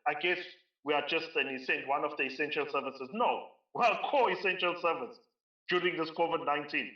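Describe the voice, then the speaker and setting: A man's voice: on the high side, brisk. Emphatic South African man at a keynote. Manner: emphatic, repeats phrases for stress. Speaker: keynote speaker. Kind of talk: conference keynote speech. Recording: roomy, distant, dull lo-fi sound.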